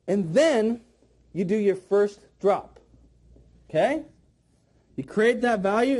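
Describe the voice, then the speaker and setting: A man giving a sales training lecture, emphatic and blunt, acting out sales pitches as he teaches. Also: animated, measured pace, dark tone. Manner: blunt, occasional swearing.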